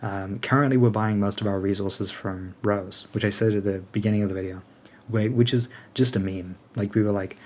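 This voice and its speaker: A man's voice: lowish voice, steady tone, brisk, a little mellow. A man leading a game alliance, chatting casually and thinking aloud with lots of fillers as he answers questions.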